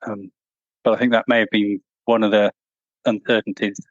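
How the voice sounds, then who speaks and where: A man answering interview questions in a measured, thoughtful way, with frequent restarts. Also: on the low side, flat delivery, dry recording, lo-fi sound. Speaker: guest, former truck company employee.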